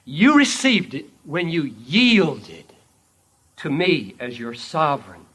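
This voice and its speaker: A preacher voicing Jesus as king, bright and lively. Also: fairly high pitch, takes it slowly, breathy edge, full character voice. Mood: assuring. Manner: solemn, commanding. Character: Jesus as a sovereign king, male, calm.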